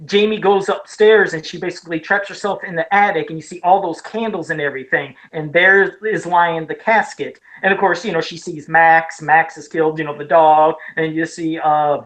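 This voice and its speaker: A woman's voice: deep voice, fairly even intonation, moderate pace, few pauses, rough recording. Eager rambling woman podcast co-host. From Ohio, USA. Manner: eager, rambling retelling with many restarts. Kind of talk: casual podcast chat about horror films.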